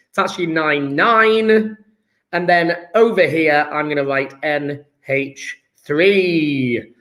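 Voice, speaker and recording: A man's voice: high voice, a bit bright. A man teaching a live online chemistry lesson, working through sums aloud in a chatty, joking way.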